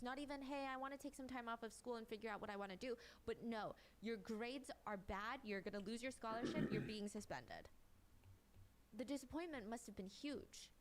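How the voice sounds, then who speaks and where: A woman's voice: on the high side, slight background noise. A woman giving a conversational, step-by-step recap of a court case as a true-crime commentator. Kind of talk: recapping a trial to a co-host.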